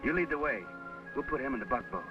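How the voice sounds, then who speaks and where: A man's voice: medium pitch, expressive, quick pace, natural voice. A man playing a drawling Southern country doctor. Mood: calm. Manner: drawling, folksy and good-humored. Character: friendly easygoing newly arrived male country doctor. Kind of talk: 1950s TV western acting. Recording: dull old TV soundtrack with music.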